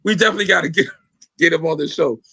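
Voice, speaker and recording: A man's voice: a little high, racing, gravelly, pushed and bright, husky, dry recording. A man hosting a casual podcast, talking loosely in slang with lots of fillers and swearing. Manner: loose, rambling, profane slang with many fillers. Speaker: podcast host.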